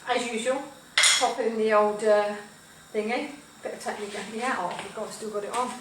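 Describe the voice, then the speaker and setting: A woman's voice: fairly high pitch, fairly even intonation, moderate pace. Rambling woman in an echoey kitchen. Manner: chatty, rambling, lots of fillers and asides. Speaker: cooking show host. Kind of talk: live cooking chat with storytelling. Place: home kitchen. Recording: very echoey kitchen, mic far off, cooking noise. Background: frying and sizzling, stirring.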